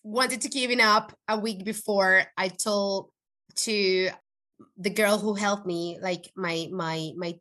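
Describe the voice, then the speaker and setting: A woman guest in an interview, telling an emotional personal story in an earnest, animated way, with frequent restarts. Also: mid-range voice, slow. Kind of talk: conversational podcast interview.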